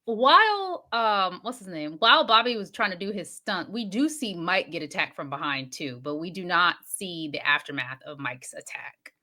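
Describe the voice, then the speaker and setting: A woman's voice: on the low side, expressive, normal speed, few pauses, bright, forceful tone. A woman co-hosting a podcast, chatting playfully about a horror movie and laughing often. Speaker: podcast co-host. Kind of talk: casual movie chat.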